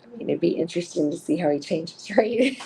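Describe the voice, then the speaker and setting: A woman with a husky voice reading cards on a live stream, chatting casually with viewers and giggling often between rambling sentences. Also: fairly low pitch, expressive, a little fast, warm tone, slight background noise. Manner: chatty and rambling, full of filler words. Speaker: live-stream card reader.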